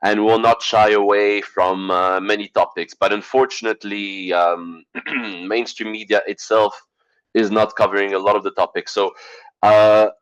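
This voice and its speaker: Guy presenting on a video call, lowish voice, kinda hoarse, lots of ums and throat clearing. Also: fairly even intonation, muffled recording. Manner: halting, with fillers and throat clearing. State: losing his voice. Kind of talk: online presentation.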